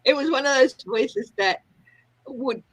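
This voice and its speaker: A woman's voice: sits high, a little slow, husky, no echo, low-quality recording. A woman from Australia hosting a casual tarot reading livestream, chatting and laughing often. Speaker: tarot reader livestream host.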